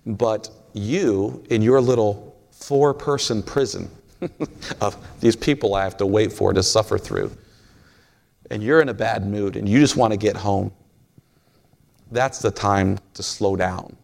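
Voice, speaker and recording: Gravelly low-voiced man preaching folksy. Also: measured pace, darkish tone. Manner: folksy storytelling, jokes with the congregation. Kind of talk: sermon.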